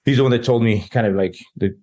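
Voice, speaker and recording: A man's voice: fairly low pitch, fast talker, mellow. A man, a guest telling a personal story in casual, rambling talk, often quoting other people. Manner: rambling, quotes others in dialogue. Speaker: interview guest.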